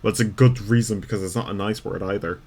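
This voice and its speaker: A man's voice: lowish voice, steady tone, fast, warm tone. A young Irish man chatting casually and rambling while he plays a game on stream, laughing often. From Ireland. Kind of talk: casual gameplay chat.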